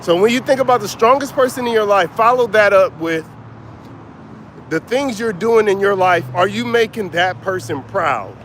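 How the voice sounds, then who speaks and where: Middle-aged coach, high voice, winded, livestreaming by a busy street with faint traffic behind. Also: male voice, animated, moderate pace, a bit bright. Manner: casual, reads out viewer names. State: out of breath. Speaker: motivational coach. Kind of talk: outdoor livestream talk. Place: outdoors by a street. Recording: faint street noise outdoors.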